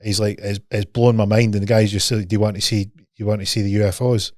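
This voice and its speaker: A man's voice: fairly low pitch, little pitch movement, fast, darkish tone, dry recording, clean studio sound. Schotse man, sweary storyteller. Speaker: podcast host. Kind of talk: casual podcast chat.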